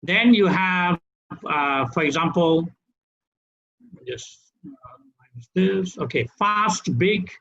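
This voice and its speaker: A man with a Malaysian English accent teaches an online English class, his high voice rising and falling in a lively way. He keeps asking "right?" to check the class is following. The webinar audio is dull and lo-fi. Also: slow pace, long pauses. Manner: lively, tag questions "right?" after each point. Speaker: English trainer. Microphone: webinar computer mic.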